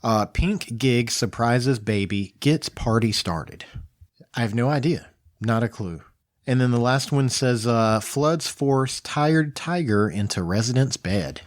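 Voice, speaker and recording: A man's voice: medium pitch, takes it slowly, no room sound. A man in his thirties co-hosting a laid-back podcast from home. He chats and teases in an easy, joking way. The recording is close and dry, with no room sound. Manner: teasing, joking. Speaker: podcast co-host. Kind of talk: casual chat.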